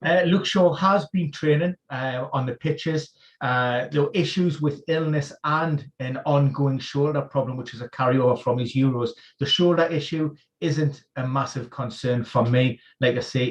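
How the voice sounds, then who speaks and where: A man acting as an injury expert, running through football team news on a live stream in a quick, informed rundown. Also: medium pitch, low-quality recording. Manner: informed, rapid-fire rundown of player news. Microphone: video call.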